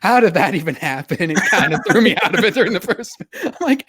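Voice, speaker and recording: A man's voice: high voice, expressive, fast talker, a bit bright, breathy edge, dry recording, studio quality. A man appearing as a guest on a casual movie podcast who talks in a laid-back way and laughs easily.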